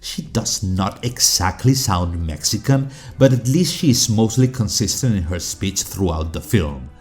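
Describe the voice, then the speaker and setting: A man whose first language is Spanish reads a video essay in a very deep voice, dry and critical, with measured delivery. Faint music sits underneath. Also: animated, a little mellow. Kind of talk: scripted narration.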